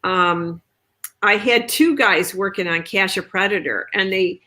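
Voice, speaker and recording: A woman author chatting on a video call, telling stories in a lively way and acting out quoted lines. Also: mid-range voice, a little slow. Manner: chatty, animated storytelling with quoted asides. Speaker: author guest. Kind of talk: casual video chat.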